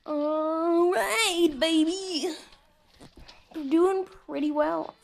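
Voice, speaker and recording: A woman's voice: very high voice, extremely slow, creaky. A woman casually commentating a mobile game, chatting to viewers and muttering asides as she plays. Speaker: gameplay commentator. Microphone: phone screen recording mic.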